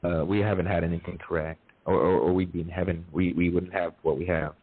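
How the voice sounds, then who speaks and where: A man's voice: low-pitched, level tone, quick pace, husky. A man giving earnest, stammering feedback on a poem in a casual chat. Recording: dry, tinny phone-like audio.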